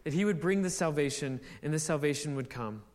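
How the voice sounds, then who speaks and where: A young man preaching a sermon in a conversational way, with many fillers, building to excited exclamations. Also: fairly high pitch, fairly quick, long reverb tail.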